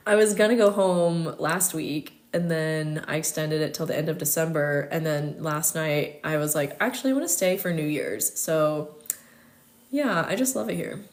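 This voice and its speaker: Chatty American woman, lowish voice. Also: measured pace. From United States. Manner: chatty, many fillers, laughs often. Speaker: host. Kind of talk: casual livestream chat.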